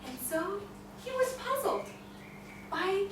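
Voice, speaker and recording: Woman storyteller, slow and expressive, super echoey room, faint hum behind. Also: very high-pitched, far from the mic.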